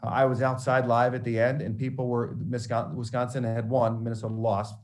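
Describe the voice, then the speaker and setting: Forties male sportscaster, mid-pitched, giving students an anecdotal talk with restarts. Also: fairly quick. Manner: animated anecdotal storytelling with frequent restarts. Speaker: TV sports reporter speaking to students. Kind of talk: storytelling motivational talk.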